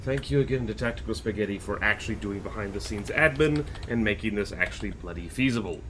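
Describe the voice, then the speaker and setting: A man's voice: on the low side, fast, noisy background. An Australian man chatting playfully on a live stream, teasing himself and humming as he works. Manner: playful, self-mocking, chatty, hums to himself. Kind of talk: casual live-stream chat while working.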